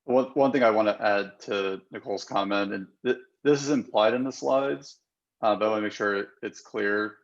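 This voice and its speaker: A man hosting a work video-call meeting, speaking in a measured, businesslike way. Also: fairly low pitch, lo-fi sound. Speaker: meeting host.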